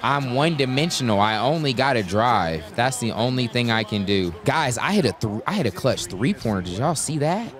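A man commentating his own basketball gameplay with a lively, swooping voice that leaps into excited yells. He talks in loose slang and trash talk. Faint game music plays behind him. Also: mid-range voice, normal speed, few pauses. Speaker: gaming YouTuber.

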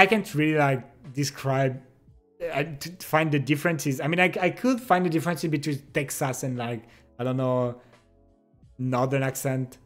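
A young man chatting casually with his stream chat, relaxed and giggly. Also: mid-range voice. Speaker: livestreamer. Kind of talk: casual chat reading and answering viewer chat.

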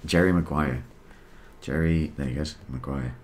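Deep-voiced Australian man. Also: moderate pace, slight background noise. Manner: relaxed storytelling, laughs easily, swears casually. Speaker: podcast host. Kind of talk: casual chat.

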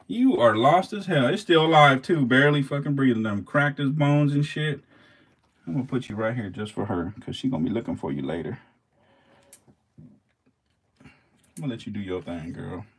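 A man's voice: mid-range voice, normal speed, pauses often, husky. A man filming his snakes as they feed, laughing, swearing and talking straight to the animals in a casual vlog.

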